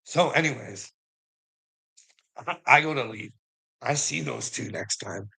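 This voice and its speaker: A man's voice: medium pitch, animated, unhurried, vocal fry, pushed and bright, husky, low-quality recording. A man rambling through a casual personal story, swearing freely and laughing often between lines. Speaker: vlogger.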